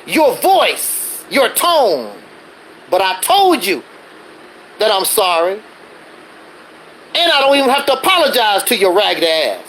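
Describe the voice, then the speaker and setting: A man's voice: high-pitched, big pitch swings, takes it slowly, pauses often, fairly bright tone, a little hiss or hum, low-quality recording. A man hosting a livestream, ranting defensively in a casual monologue full of rhetorical questions. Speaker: livestreaming channel host.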